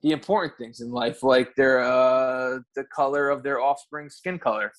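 A man from the United States in casual, profane, animated chat as a podcast co-host. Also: medium pitch, moderate pace.

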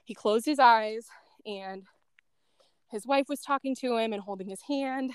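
A woman's voice: fairly high pitch, measured pace, clear, resonant tone, no room sound. Chatty woman telling a story, dry sound. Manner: chatty, lots of "like" and "um", laughs softly between thoughts. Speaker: guest, former end-of-life caregiver. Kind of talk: casual storytelling.

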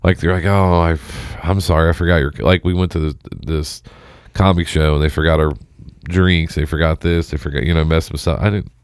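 A man's voice: rumbling low, fairly even intonation, a little fast, clean tone, no echo, studio quality. A man chatting casually, rambling and joking with frequent swearing. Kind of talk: casual chat.

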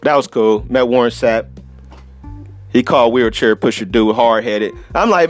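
A man's voice: mid-range voice, expressive, unhurried, pauses often, no room sound, soft background music. A man hosting a solo podcast, telling a travel story in a profane, laughing, casual way. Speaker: podcast host.

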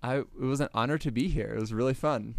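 A man guesting on a podcast with a smooth radio-style voice, chatty and self-mocking, laughing often. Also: medium pitch, fast, no echo. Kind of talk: casual podcast chat.

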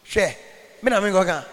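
A man preaches from the pulpit in a high voice, telling stories and breaking into prayer. His voice rings out with a long reverb in a big church hall. He pauses often so an interpreter can follow him. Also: a bit bright. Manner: storytelling, laughing, prayerful. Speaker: pastor. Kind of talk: sermon with interpreter.

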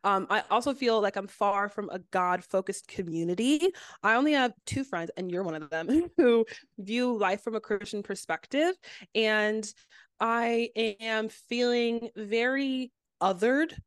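Young female podcast co-host, bright-pitched, laughs a lot, tight dry sound. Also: measured pace, clear, resonant tone, dry recording. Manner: animated, laughing, jumps between quiet and loud. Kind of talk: casual chat.

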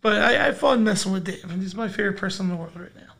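A man's voice: high voice, racing, creaky, fairly bright tone. A man hosting a podcast in casual chat, upbeat and giggly. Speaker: podcast host.

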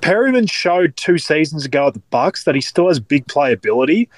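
A man's voice: on the high side, big pitch swings, fairly quick, no echo. A man, a podcast guest talking in a casual, cheeky way. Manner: cheeky, laughs between lines.

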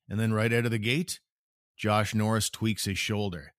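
Dry-toned sports podcast host. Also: male voice, fairly low pitch, fairly even intonation, moderate pace, fairly bright tone, no room sound. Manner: joking, sarcastic banter. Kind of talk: casual sports talk.

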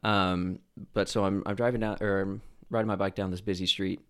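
A young man from Idaho, a podcast guest telling stories in a relaxed way, with lots of fillers. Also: sits low, brisk. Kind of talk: casual storytelling.

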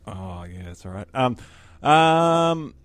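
A young man chats loosely on a podcast, laughing and rambling through ums. His voice is mid-pitched and close to the mic. The sound is dry and bare. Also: sing-song, slow, clean tone, no echo. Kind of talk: casual chat.

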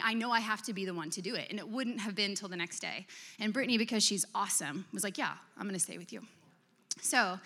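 Woman, 30s, emotive storyteller preacher, somewhat high and sharp tone. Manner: emotional storytelling, expressive and animated. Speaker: speaker. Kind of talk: sermon. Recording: long hall reverb.

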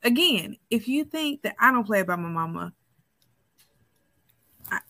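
A woman co-hosts a podcast, laughing often as she tells animated stories in casual chat. Her voice sits a little high and moves a little slowly, with no room sound.

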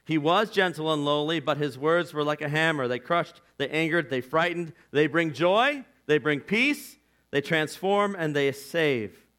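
Male pastor preaching with an earnest, conversational delivery and a fairly high, forceful voice. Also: a little slow. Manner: impassioned, swings from loud to hushed; earnest and conversational, with "like" and "you know". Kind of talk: sermon.

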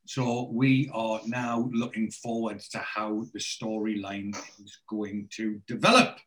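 A man's voice: on the low side, little pitch movement, a little slow, fairly bright tone, low-quality recording. A man hosting a podcast, recapping an episode in a rambling, hesitant way with plenty of fillers. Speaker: podcast host.

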